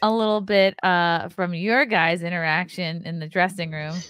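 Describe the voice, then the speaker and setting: A woman comedian hosts a casual podcast in a lowish voice and reacts with quick enthusiasm. The sound is close and dry, with no room echo. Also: fairly even intonation, fairly bright tone, clean tone.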